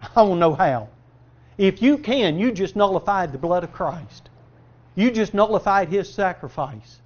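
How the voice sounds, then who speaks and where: Male preacher, high voice, sermon; asks and answers his own questions, punchy emphasis then low asides; muffled lo-fi recording. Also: lively intonation, a little slow, darkish tone.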